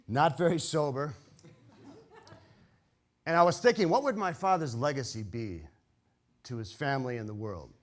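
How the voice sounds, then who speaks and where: An older man telling a comic, personal story live on stage, wry and halting, with frequent restarts. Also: mid-range voice.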